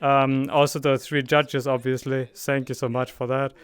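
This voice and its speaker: A man producing a live virtual reality event, talking casually and excitedly with many fillers and restarts. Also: medium pitch, normal speed, smooth. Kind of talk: casual live-stream talk.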